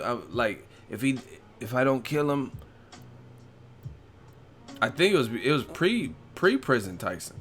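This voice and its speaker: A man's voice: mid-range voice, measured pace, pauses often, a little hiss or hum. A man hosting a boxing live stream, talking in a loose casual rant, laughing often and acting out other people's lines. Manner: animated, laughs often, acts out quotes. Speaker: boxing commentary host.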